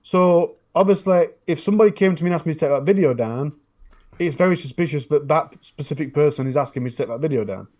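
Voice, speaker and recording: Rambling northern English man, higher voice. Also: lively intonation, fast, a little mellow. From northern England. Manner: rambling storytelling with frequent restarts. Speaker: true crime YouTuber, podcast regular. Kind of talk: casual podcast chat.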